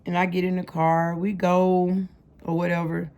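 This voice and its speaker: A young woman with a low, gravelly voice tells her life story straight to her viewers. She talks casually in slang and keeps calling her audience "y'all". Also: monotone, moderate pace, darkish tone.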